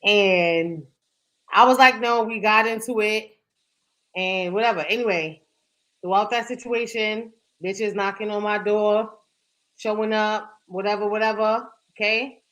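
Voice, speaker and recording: A woman's voice: mid-range voice, steady tone, measured pace, a bit bright, low-quality recording. A young woman co-hosting a podcast, telling a dating story in candid, profane casual chat that is full of "like". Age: young adult. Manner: candid and profane, heavy use of "like". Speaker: podcast co-host.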